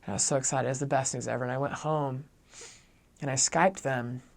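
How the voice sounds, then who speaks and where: A young man recounts a personal story from his missionary days with an earnest, heartfelt delivery. His voice has a gravelly edge and sits at an ordinary pitch. He often voices the other people in the story as he goes. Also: steady tone, brisk. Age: young adult. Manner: earnest, acts out quoted dialogue. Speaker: returned missionary.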